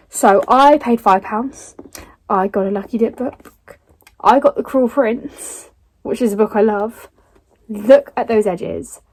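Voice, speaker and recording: A young woman gushing excitedly about books she bought and won in a casual vlog. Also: a little high. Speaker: book vlogger.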